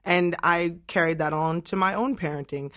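A woman's voice: fairly low pitch, normal speed, fairly bright tone, dry recording. A woman panelist on a studio radio talk show, speaking in an earnest, straightforward way. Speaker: regular panelist. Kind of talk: conversational panel discussion.

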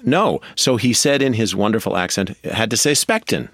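A man with a very deep voice tells stories as a radio interview guest. He speaks animatedly, close and dry. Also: expressive, normal speed, fairly bright tone, breathy edge, no room sound. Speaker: guest author.

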